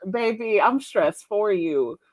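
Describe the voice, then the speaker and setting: Lively laughing woman host. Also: medium pitch, slow. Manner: animated, laughing often, emotional storytelling. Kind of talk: casual chat on a live stream.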